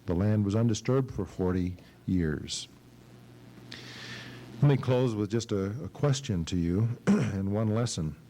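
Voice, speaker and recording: A man's voice: on the low side, expressive, a little slow, warm tone, slight background noise, low-quality recording. A middle-aged male pastor preaching an expository sermon at a church service, reading scripture dramatically and asking his class questions.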